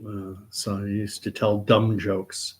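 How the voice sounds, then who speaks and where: A man from Canada hosting a casual joke-telling live stream, soft-spoken and rambling with many fillers. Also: fairly low pitch, little pitch movement, slow pace. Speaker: joke-telling livestream host.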